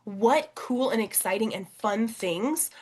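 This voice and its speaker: A young adult woman, a podcast guest and coach, telling a personal story in an animated, expressive way. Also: a little high, slow pace, husky. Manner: animated and expressive, acting out quoted voices.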